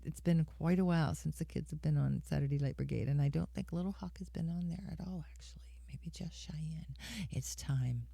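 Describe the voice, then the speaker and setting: A woman's voice: sits low, brisk, vocal fry, mellow, husky, dry recording. A middle-aged woman hosting a live music stream, chatting casually with viewers and calling them by name. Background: guitar accompaniment.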